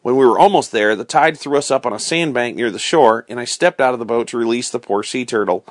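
A man reading a storybook aloud in a steady, expressive storytelling manner. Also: medium pitch, fast talker, no room sound, studio quality. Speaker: reader.

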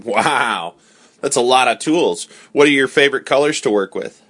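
A man's voice: mid-range voice, normal speed, a bit bright. A man hosting a casual morning chat with a child, playful and jokey, laughing often. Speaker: host.

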